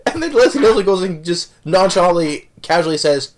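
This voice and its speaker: A man's voice: high-pitched, animated, a little fast. A man casually reviewing a movie, rambling with many restarts and self-corrections, chuckling as he recounts the jokes.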